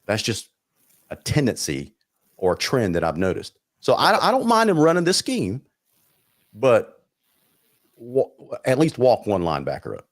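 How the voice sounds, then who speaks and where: A man co-hosting a casual sports talk show, measured and playful. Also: mid-range voice, wildly swooping pitch, no room sound, clean studio sound.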